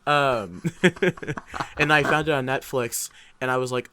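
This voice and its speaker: A young man chats casually as a podcast co-host, with a mid-pitched voice. He rambles eagerly and acts out his own past reactions as he goes. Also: steady tone, slow, sharp tone, clean tone, no room sound. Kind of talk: casual chat.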